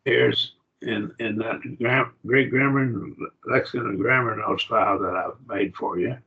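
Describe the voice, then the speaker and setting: On a muffled, lo-fi video call, a man with a low, steady voice teaches Greek grammar. He explains slowly and keeps putting questions to the class.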